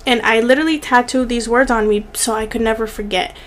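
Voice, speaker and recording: A woman's voice: on the high side, fairly even intonation, fast. A young woman vlogger speaking earnestly to the camera, repeating words for emphasis, at times tearful. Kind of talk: heartfelt direct-to-camera encouragement.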